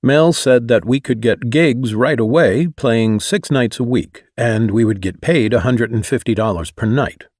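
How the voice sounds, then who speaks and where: A man's voice: mid-range voice, a little slow, hardly any pauses, darkish tone, no echo. A man narrating his own memoir in a wry, conversational way, close to the mic. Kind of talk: audiobook narration.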